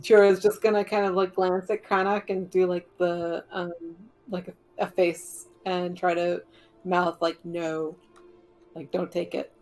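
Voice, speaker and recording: A woman's voice: fairly low pitch, completely flat delivery, a little slow, a little mellow, soft background music, poor audio. A woman player describing her character's actions in casual tabletop game chat.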